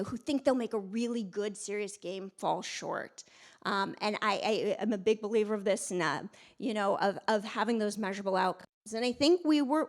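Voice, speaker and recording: A middle-aged woman giving a conference talk, emphatic and energetic, with many fillers and restarts. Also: mid-range voice. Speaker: conference speaker.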